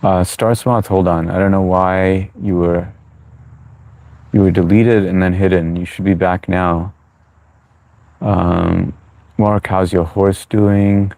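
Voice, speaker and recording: Deep-voiced chatty man hosting a livestream. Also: flat delivery, slow pace, creaky, long pauses, a little mellow, dry recording. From United States. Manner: chatty, reassuring, reads chat aloud, many fillers. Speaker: livestream host. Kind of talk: live chat Q&A. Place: New York.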